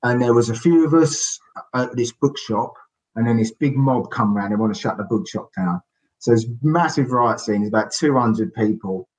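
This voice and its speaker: A man's voice: mid-range voice, poor audio. A middle-aged man, a guest on a casual podcast who tells stories chattily and acts out quotes. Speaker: guest author.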